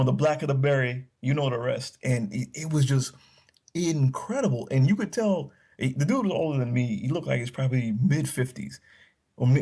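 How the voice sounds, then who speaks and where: Man guest with a gravelly, husky voice; rambles through casual stories with restarts. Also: mid-range voice, a little mellow. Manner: rambling, many restarts and fillers. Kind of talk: casual storytelling chat.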